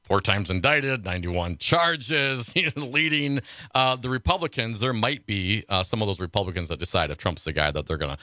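A man co-hosting a talk radio show, his low voice with a bright, forceful edge. He winds through long, wry, rambling points. The sound is close and dry, straight from a studio mic. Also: no room sound. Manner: rambling, wry, quick to laugh. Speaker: radio co-host. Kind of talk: talk radio political chat.

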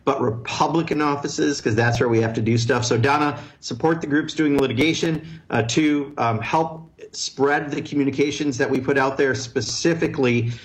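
A man's voice: medium pitch, normal speed, hardly any pauses, rough recording. A man, a congressman, answering callers on a radio show in a blunt, earnest way with many fillers. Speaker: congressman guest.

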